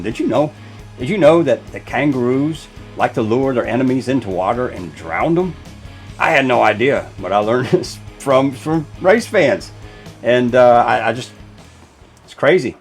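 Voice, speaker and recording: A man hosting a racing show, talking casually and emphatically, with lots of fillers and restarts. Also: medium pitch. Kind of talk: casual commentary video.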